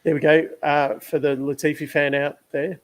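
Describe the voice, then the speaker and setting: A man's voice: fairly high pitch, little pitch movement, moderate pace. A man co-hosting a casual motorsport podcast, chiming in with short, wry asides. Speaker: podcast co-host. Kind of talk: casual chat.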